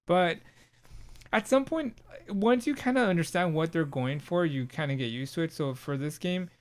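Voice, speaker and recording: Podcast co-host, male, rambling casual talker, smooth clear voice. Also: on the high side, normal speed. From Southern California. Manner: rambling, full of fillers and restarts. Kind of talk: casual chat.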